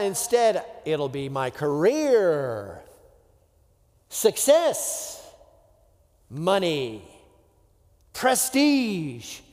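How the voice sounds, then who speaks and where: High-voiced preacher in a reverberant hall. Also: male voice, sing-song, drawn-out words, pauses often, a little mellow. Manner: conversational preaching, drops to near-whispers, acts out imagined voices. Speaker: pastor. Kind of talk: sermon.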